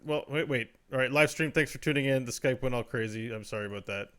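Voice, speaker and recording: A man hosts a casual podcast with a bright, forward voice. He chats in an upbeat way, plugging episodes and closing the show. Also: medium pitch, fast talker. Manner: upbeat plugs, chatty. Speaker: podcast host. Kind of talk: casual comedic chat, show sign-off.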